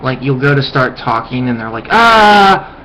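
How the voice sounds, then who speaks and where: A young man ranting casually to his webcam, rambling with lots of "like" fillers and dropping to a low mutter at times. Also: flat delivery, a little fast, fairly bright tone, a little hiss or hum. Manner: mocking high-pitched yelps when imitating friends. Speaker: vlogger. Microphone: webcam mic. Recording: dull lo-fi webcam audio.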